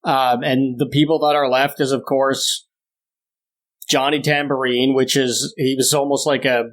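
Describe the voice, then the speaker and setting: A young man co-hosting a podcast in casual chat, ranting with exaggerated disdain and climbing higher as he gets worked up. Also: little pitch movement, a little slow. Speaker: podcast co-host.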